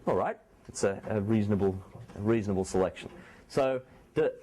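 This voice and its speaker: A man lecturing a university class in a small room, speaking quietly with a sore throat and making joking asides to his students. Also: fairly low pitch, brisk. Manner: speaks softly, not loudly.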